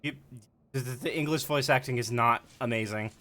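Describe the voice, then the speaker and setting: A man's voice: mid-range voice, brisk, bright, forceful tone. A man streaming a video game, chatting casually and joking, swearing freely. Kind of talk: casual live-stream commentary. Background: game music.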